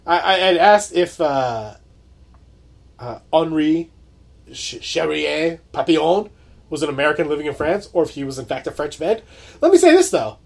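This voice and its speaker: A man co-hosting a podcast, reviewing a movie in measured casual chat and agreeing often. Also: a little high, sing-song, gravelly. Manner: measured, agreeable, frequent short assents. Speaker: podcast co-host.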